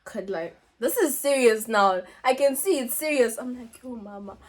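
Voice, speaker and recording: A woman's voice: on the high side, moderate pace. A teenage woman vlogger telling a story in casual chat, acting out the people she quotes. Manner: animated storytelling, acts out quoted voices. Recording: faint background noise.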